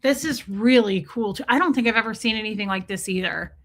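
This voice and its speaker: A woman's voice: mid-range voice, a little fast, a bit bright. A woman chatting casually on a livestream, gushing over jewelry and greeting viewers by name. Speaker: livestream host.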